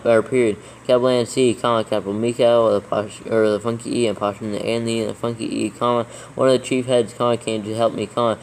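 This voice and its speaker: A man reads a passage aloud at a careful, deliberate pace, naming each punctuation mark and capital letter as he goes. His voice stays level and flat throughout. A faint hiss of noise sits under the recording. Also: medium pitch, rough recording. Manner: slow deliberate dictation. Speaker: proofreader dictating scripture. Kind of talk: reading text aloud with punctuation dictated.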